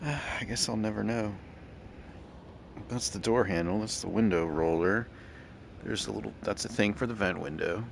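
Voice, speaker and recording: A man's voice: on the low side, moderate pace, vocal fry, long pauses, a little hiss or hum. A man casually thinking aloud and rambling while playing a driving game. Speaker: gaming channel host. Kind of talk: casual gameplay commentary.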